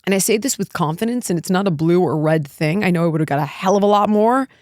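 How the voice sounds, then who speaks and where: A woman's voice: lowish voice, quick pace, a little mellow, no echo, studio quality. A middle-aged woman from the United States, a guest speaking candidly and emphatically in an interview, often breaking into laughter. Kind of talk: candid political talk.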